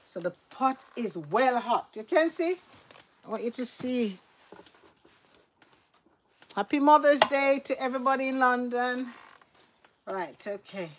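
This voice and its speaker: A woman's voice: fairly high pitch, a little hiss or hum. A woman with a Jamaican accent, chatting casually while she fries fish in her backyard garden. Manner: chatty, laughing, Jamaican patois phrasing. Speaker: cooking vlogger. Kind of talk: casual cooking vlog chat. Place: backyard garden under a shelter in the rain.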